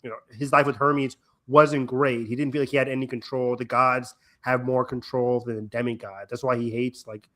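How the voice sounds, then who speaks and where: A young man with a deep voice co-hosting a podcast, chatting casually in an excitable, joking, rambling way. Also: normal speed, hardly any pauses. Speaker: podcast co-host. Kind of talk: casual chat.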